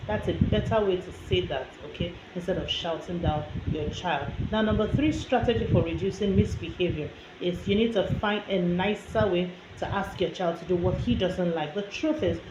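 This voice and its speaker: A woman's voice: lowish voice, moderate pace, few pauses. A woman giving a parenting lesson in a conversational lecture style, talking straight to the listener and using lots of "you know" fillers. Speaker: parenting instructor. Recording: echoey, muffled, noisy room recording.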